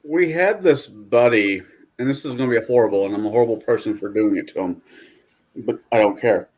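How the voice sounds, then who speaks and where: A man's voice: medium pitch, a little fast, darkish tone. A man chatting casually among friends while painting miniatures, telling stories and swearing freely. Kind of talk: casual chat.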